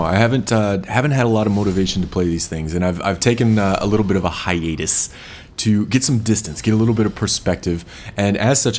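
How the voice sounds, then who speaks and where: A man's voice: fairly low pitch, darkish tone, a little hiss or hum. A man hosting a solo chat in a freeform, rambling style. He sounds sleepy and a little stuffy, restarts his sentences often and swears casually. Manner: rambling, self-interrupting, casually profane.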